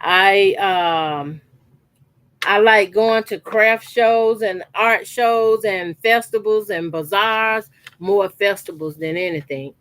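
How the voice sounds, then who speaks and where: A woman's voice: medium pitch, takes it slowly, fairly bright tone, no echo. A woman, chatting casually to her viewers while she cuts fabric scraps for a quilt, emphatic and repetitive. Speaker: sewing channel host. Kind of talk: casual chat while sewing. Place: her sewing corner at home.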